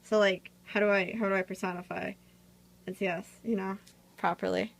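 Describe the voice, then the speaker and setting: A woman's voice: mid-range voice, flat delivery, moderate pace, vocal fry, low-quality recording. Chatty woman rambling while drawing. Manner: rambling, chatty, many fillers. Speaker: vlogger drawing on camera. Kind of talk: casual drawing tutorial chat. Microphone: phone camera.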